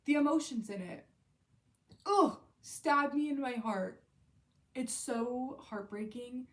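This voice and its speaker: A young woman vlogging about books she loves, gushing and emotional, full of "like" and half-finished sentences. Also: medium pitch. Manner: gushing, emotional, lots of fillers. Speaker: book vlogger. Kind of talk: casual book review monologue.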